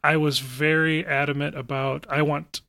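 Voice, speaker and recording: A man's voice: on the high side, flat delivery, moderate pace, creaky, bright, forceful tone, dry recording. A man who writes and makes an audio drama, talking casually and enthusiastically in a podcast interview. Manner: chatty, enthusiastic, with frequent ums and laughs.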